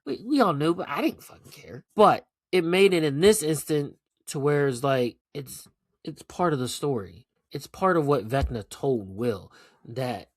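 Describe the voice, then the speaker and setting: A man's voice: a little high, no echo, studio quality. Profane, blunt man ranting. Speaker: podcast host. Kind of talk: casual solo rant.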